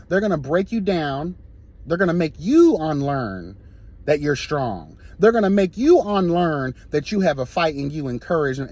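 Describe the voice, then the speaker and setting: A man's voice: fairly high pitch, a little mellow. A man giving an impassioned, sassy straight-talk monologue as a vlogger while driving, recorded on a phone. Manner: sassy, emphatic, keeps calling listeners girl.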